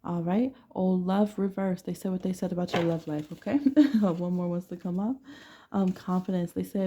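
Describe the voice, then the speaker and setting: A woman's voice: on the low side, moderate pace, dark tone, breathy edge. A woman giving a casual tarot reading to camera with a blunt, playful way of talking. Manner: blunt, playful, laughs often. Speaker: tarot reader.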